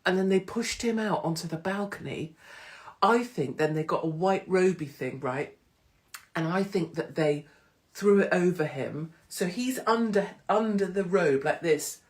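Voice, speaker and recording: A woman's voice: fairly low pitch, unhurried, a little mellow. Sweary, joking woman live-streaming. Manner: irreverent, joking, sweary, does mocking voices. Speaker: host of a live social media stream. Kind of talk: casual live-stream chat. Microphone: phone.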